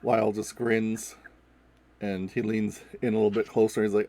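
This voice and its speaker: A man's voice: on the low side, little pitch movement, normal speed, gravelly, mellow. A man playing a tabletop game, narrating his character's actions in a casual, rambling way. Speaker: player.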